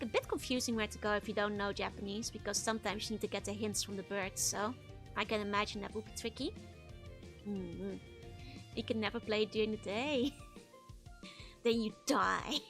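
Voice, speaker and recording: High bright-voiced girl streaming, chatting with viewers, quiet game music behind. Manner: chatty, answers viewer messages. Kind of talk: casual live-stream chat.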